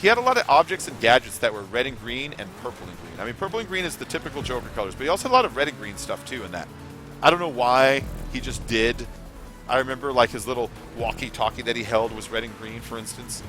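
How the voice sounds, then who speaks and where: A man's voice: medium pitch, expressive, fast talker, over music. A man hosting a live gameplay stream, chatting in a rambling, casual way, swearing now and then and reading chat messages aloud. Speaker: gaming livestream host.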